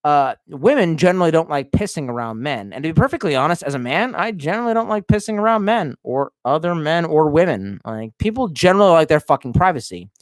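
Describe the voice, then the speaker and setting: Brief: drunk male streamer from Baltimore, profane and mocking, lively swinging pitch, dry close sound. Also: quick pace, hardly any pauses, no room sound. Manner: profane, mocking, shifts between yelling and muttering. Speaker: streamer reading chat. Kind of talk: casual livestream rant.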